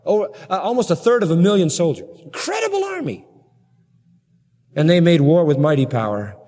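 Male preacher, animated storyteller, slightly high pitch, big hall echo. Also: quick pace. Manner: animated, dramatic Bible storytelling with voiced quotes. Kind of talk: sermon.

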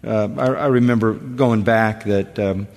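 A man talking in a relaxed radio discussion. He speaks earnestly and with emphasis, and often repeats words as he starts a thought. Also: lowish voice, measured pace, big-room sound.

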